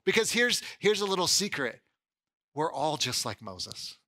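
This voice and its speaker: A male pastor delivering a sermon in a relaxed, conversational style. His voice is bright and sits a little high. He keeps checking in with the listeners and turns lively when he acts out someone's doubts. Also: unhurried. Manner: conversational, animated when voicing doubts, frequent "like" and "right?".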